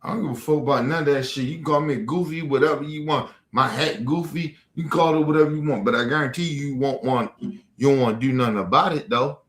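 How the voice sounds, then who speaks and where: A man's voice: medium pitch, fast talker, fairly bright tone, echoey room. A man ranting at a viewer on a livestream, aggressive and profane. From Baltimore. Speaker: streamer. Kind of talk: livestream rant.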